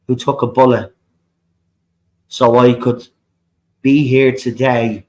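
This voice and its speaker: An Irish livestream host delivers a fiery, impassioned rant, swearing often, repeating himself and constantly asking "right?". His medium-pitched voice has a darkish tone and barely moves in pitch, and he speaks slowly with long pauses. The recording quality is low.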